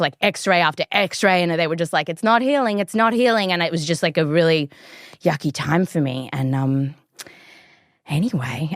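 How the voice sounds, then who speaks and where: Chatty Australian woman, lower-pitched. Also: fairly bright tone, dry recording, clean studio sound. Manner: chatty, lots of likes and ums. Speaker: podcast host. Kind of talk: conversational storytelling.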